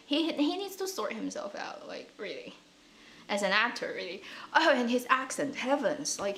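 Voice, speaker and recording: A woman hosting an online drama commentary channel, chatting casually in an animated, ranting way with frequent laughs and fillers. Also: medium pitch, a little hiss or hum. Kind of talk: casual chat.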